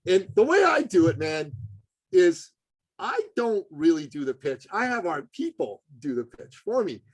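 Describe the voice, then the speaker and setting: A man speaking as a podcast guest, telling an earnest story in an animated way, his voice jumping high for emphasis. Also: normal speed, no echo, poor audio. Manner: earnest, addresses host as brother. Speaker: podcast guest, business consultant.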